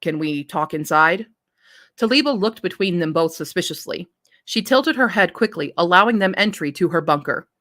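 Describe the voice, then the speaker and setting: A woman's voice: fairly low pitch, lively intonation, fairly quick, fairly bright tone. A woman reading her own story draft aloud, stopping to reread and correct lines.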